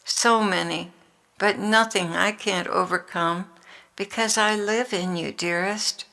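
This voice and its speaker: An older woman reading the words of Jesus as a gentle, loving divine man, with tender, encouraging exhortation in a devotional reading. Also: mid-range voice, fairly even intonation, takes it slowly, vocal fry, full character voice.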